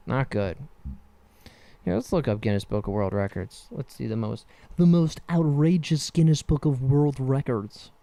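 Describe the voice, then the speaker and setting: Brief: jokey man riffing solo on a podcast mic, clear, dry sound, very animated. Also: a little high, no room sound. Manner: rambling, jokey, laughs often. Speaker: podcast host.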